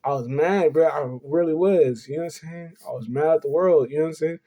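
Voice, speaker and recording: This fairly high, mellow male voice moves at a brisk clip as a young vlogger opens up about something personal. His earnest, confessional telling wanders and circles back, peppered with "you know what I'm saying."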